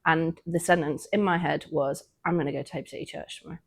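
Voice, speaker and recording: A woman's voice: deep voice, steady tone, fast talker, gravelly, slightly rough. A woman, co-hosting a podcast and earnestly recounting a personal faith story in a casual, reflective way. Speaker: podcast co-host.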